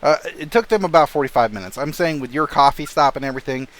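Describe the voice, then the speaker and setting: A man's voice: a little high, fast talker. A young adult man narrating a tabletop game as game master, casual and swearing now and then. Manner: casual, swears, laughs often.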